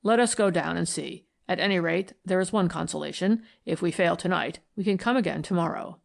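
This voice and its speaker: A woman voicing a cautious gentleman companion who speaks in a level, formal way in an audiobook. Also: sits high, brisk, gravelly.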